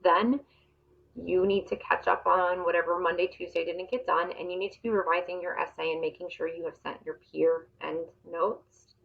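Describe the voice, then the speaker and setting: Gravelly woman teacher, casual and direct. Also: on the low side, fairly even intonation, moderate pace, muffled recording. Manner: casual, direct, with frequent ums. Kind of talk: recorded class update.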